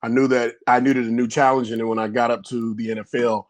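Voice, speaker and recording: A middle-aged man, a former pro football player, telling loose, rambling stories in a casual podcast interview and acting out yelling coaches. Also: medium pitch, fast talker. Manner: animated storyteller, acts out coaches yelling; loose, rambling with many restarts.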